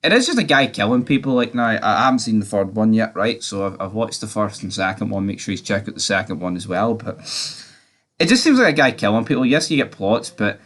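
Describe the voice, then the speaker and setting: A man's voice: on the low side, big pitch swings, brisk, fairly bright tone. Chatty, rambling man reviewing a film. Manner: rambling and chatty, swears, tags lines with "right?". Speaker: movie reviewer. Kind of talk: casual movie review monologue.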